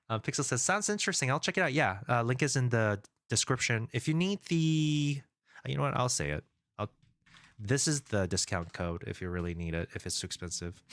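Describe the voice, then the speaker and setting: A man's voice: mid-range voice, fairly bright tone, no echo, studio quality. A man chatting casually on a live stream, rambling with many fillers and restarts while reading viewers' comments aloud. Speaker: game developer streamer.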